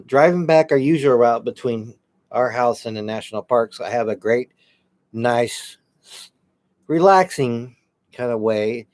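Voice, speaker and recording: A laid-back man co-hosting a paranormal show, chatting easily and laughing often. His voice has a dark, mellow tone at a middle pitch. He often reads listener comments aloud. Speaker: paranormal podcast co-host. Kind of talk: casual chat. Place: home studio.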